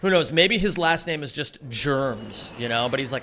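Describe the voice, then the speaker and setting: Animated, bright-voiced male streamer. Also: medium pitch, normal speed, a little hiss or hum. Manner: chatty, swears casually, greets chat by name. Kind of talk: casual live-stream chat.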